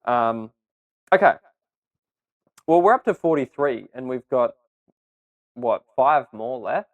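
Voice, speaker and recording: A man's voice: mid-range voice, expressive, takes it slowly, no room sound, muffled recording. A man co-hosting a casual podcast, easily amused, reading passages aloud and repeating his reactions. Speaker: podcast co-host.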